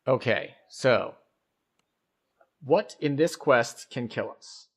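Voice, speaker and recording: Game streamer, male, mid-pitched, easygoing running commentary that explains each move. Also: animated, slow, slightly rough. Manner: thinks aloud, explains game mechanics at an easy pace. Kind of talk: casual gameplay commentary.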